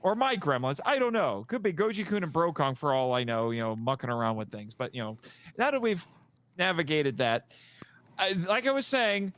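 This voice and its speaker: High, lively-voiced man in casual podcast chat. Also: moderate pace. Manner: chatty and meandering, laughs easily. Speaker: podcast co-host.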